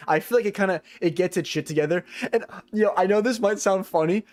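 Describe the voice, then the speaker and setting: A man's voice: high-pitched, animated, fairly quick, few pauses. A young man who day-trades and streams, chatting casually, rambling, slangy and profane, often joking at his own expense. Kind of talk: casual livestream chat.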